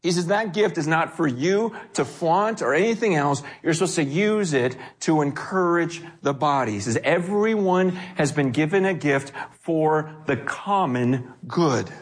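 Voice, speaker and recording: A man preaching a sermon in a conversational, animated way, acting out the voices he quotes. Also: a little high, a little slow, few pauses, husky. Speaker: pastor.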